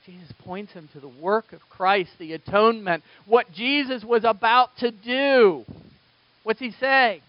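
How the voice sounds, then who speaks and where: A man preaching a sermon, moving between quiet, low passages and loud, emphatic bursts. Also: a little slow, no echo, lo-fi sound. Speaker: pastor.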